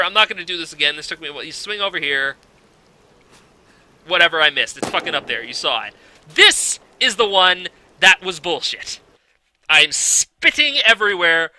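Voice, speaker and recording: A man giving exasperated, profane commentary over his gameplay, ranting about hidden collectibles with loud outbursts. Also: high voice, no echo.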